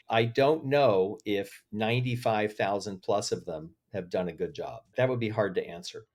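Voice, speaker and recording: A man speaking as a podcast guest, telling stories with feeling and lively emotion in an interview. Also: on the low side, moderate pace, few pauses. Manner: emotional, animated storyteller. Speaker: podcast guest, agency head. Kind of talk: interview conversation.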